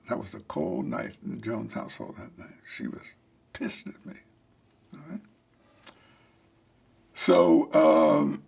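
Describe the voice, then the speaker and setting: An older man tells a personal life story in an interview, reflective and halting, with many restarts, and he acts out the voices of people he quotes. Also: mid-range voice, creaky, breathy edge.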